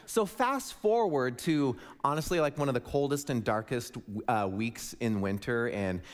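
A man's voice: medium pitch, animated, unhurried. A young man from Wisconsin giving a humorous storytelling sermon, playful and jokey with asides to the audience. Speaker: speaker addressing a congregation. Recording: long reverb of a large hall.

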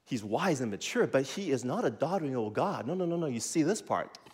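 Animated male pastor in an echoey hall. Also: mid-range voice, brisk, slightly rough. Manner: animated, teaching with call-and-response. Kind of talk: sermon.

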